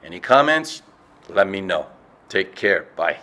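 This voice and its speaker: Guy running a language lesson, explains things slow, voice jumps up and down a lot. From from a Western English-speaking country, living in Korea. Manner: slow deliberate explanations, lively pitch jumps. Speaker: language teacher and show host.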